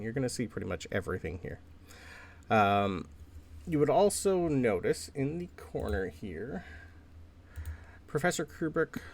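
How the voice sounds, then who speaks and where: A man's voice: medium pitch, creaky, fairly bright tone, a little hiss or hum. A man acting as game master, describing a workshop scene loosely, with lots of fillers. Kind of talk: narrating a tabletop game.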